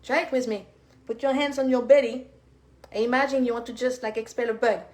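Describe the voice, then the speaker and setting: Woman, bit high voice, teaching live, chatty with lots of you-knows, talks right to viewers. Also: steady tone, a little fast. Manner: warm encouraging, speaks to viewers directly, many fillers. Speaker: fertility coach.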